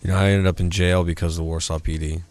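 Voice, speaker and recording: A man's voice: sits low, little pitch movement, fast talker, darkish tone. A man as a podcast guest, telling a story in a blunt, profane, indignant way. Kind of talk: casual storytelling chat.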